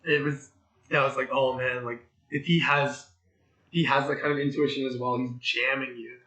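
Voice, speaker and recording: A young man with a raspy throat muses his way through a casual tarot reading, leaning on fillers and half-finished thoughts. His voice has a bright, sharp edge, and it rings in an echoey room. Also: mid-range voice, steady tone, moderate pace. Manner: rambling, filler-heavy, musing aloud. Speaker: tarot reader.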